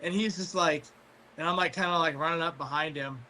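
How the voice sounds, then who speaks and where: A man telling a long story in casual chat, rambling with fillers and restarts, clearing his throat as his voice wears out. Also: fairly high pitch, steady tone, brisk, sharp tone, slight background noise. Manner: rambling, full of fillers and restarts, swears freely. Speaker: guest storyteller.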